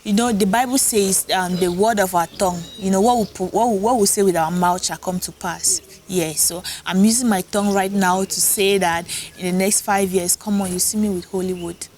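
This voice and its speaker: Woman actress-producer, mid-pitched, animated storyteller in a casual interview. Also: fairly quick, hardly any pauses, slight background noise, rough recording. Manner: animated storytelling, often laughing.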